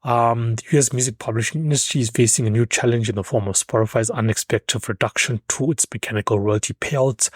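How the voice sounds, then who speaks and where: Man, podcast host, husky voice, dry close mic, emphatic, fillers. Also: mid-range voice, brisk, few pauses, no room sound. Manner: loose, emphatic, with frequent fillers and restarts. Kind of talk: solo podcast commentary.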